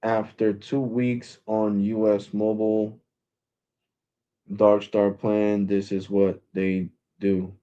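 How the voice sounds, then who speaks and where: A man with a fairly low voice rants to his viewers as a tech YouTuber. He talks emphatically, circles back and repeats himself, and the recording sounds dull and lo-fi. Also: flat delivery, slow pace, warm tone. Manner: emphatic, repetitive, rambling. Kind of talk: casual ranting vlog.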